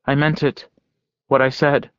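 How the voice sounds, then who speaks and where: A male narrator voicing an earnest young man who speaks softly and pleadingly. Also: medium pitch, flat delivery, a little slow, smooth, no echo, close to an everyday voice. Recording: dull, dry lo-fi recording.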